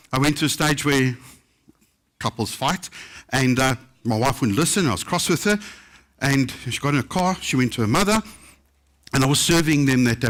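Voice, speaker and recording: A man's voice: mid-range voice, fairly bright tone. A man with a South African English accent telling anecdotes at a book festival, acting out the voices of people he quotes. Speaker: chef telling stories. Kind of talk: live storytelling talk.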